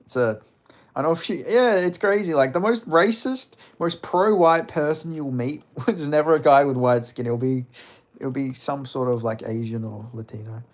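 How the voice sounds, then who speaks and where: A man's voice: medium pitch, moderate pace. A young man chatting casually on a livestream, rambling and reading out comments, with lots of fillers and swearing. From Australia. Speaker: streamer.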